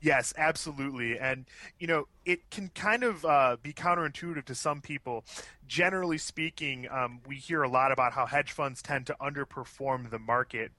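A man with a Chicago accent giving quick, fluent interview answers as an options trading expert, with small restarts now and then. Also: medium pitch, bright, forceful tone, dry recording.

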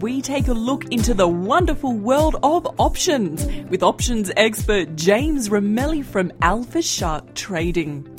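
A woman's voice: mid-range voice, breathy edge. A woman hosting a finance podcast, delivering a polished scripted introduction and asking interview questions. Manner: polished, lively presenter delivery. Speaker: podcast host and financial journalist.

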